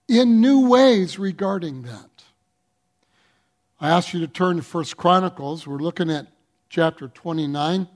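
Slow, high-voiced earnest male preacher. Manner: earnest, pleading preaching with emphatic swells; reads scripture aloud slowly. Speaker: pastor. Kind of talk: sermon.

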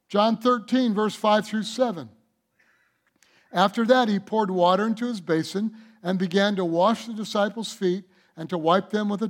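A man preaching a sermon, swinging between loud exhortation and hushed reflection and acting out the scripture dialogue. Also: high voice. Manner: acts out scripture dialogue with animated voices. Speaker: pastor.

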